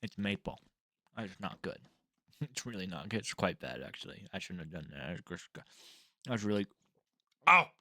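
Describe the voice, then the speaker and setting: A man's voice: low voice, lively intonation, normal speed, pauses often, bright, forceful tone, dry recording, studio quality. A young man giving casual, rambling fight predictions, swearing freely and laughing at his own jokes. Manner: rambling, profane, laughs at himself. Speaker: MMA prediction vlogger.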